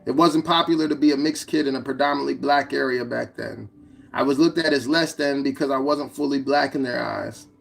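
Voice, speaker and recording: A man narrating his own memoir as an audiobook, in a plain, steady reading. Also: mid-range voice, a little fast, creaky. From United States.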